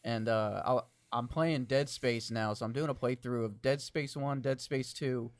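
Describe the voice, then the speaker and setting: A man co-hosting a podcast in casual chat, rambling from topic to topic, swearing often and laughing a lot, with a deep, crackly morning voice. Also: fairly even intonation, a little slow, no room sound. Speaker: podcast co-host.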